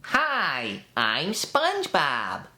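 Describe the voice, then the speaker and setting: A man voicing a cheerful, high-voiced cartoon sea sponge, keeping the sound light and pushed to the back of the throat. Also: wildly swooping pitch, drawn-out words, pushed and bright, heavily acted. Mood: chipper.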